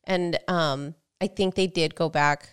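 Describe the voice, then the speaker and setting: Smooth-voiced woman podcast co-host. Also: sits low, steady tone, a little slow. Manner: chatty, tells stories with quoted dialogue. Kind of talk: casual chat.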